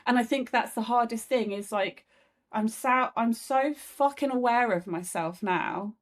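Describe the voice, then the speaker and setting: A woman speaks with a slightly higher voice, frank and unguarded, dropping swear words as she reflects on herself. She is a comedian talking as a guest in a candid conversation. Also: a little slow.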